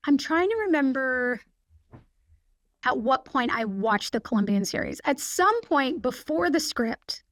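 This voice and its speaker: A woman in her forties, a podcast guest, telling stories in a quick, chatty way full of "like". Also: sits high, lively intonation, fairly bright tone, no room sound. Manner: chatty, fast storytelling with frequent "like". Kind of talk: casual anecdote telling.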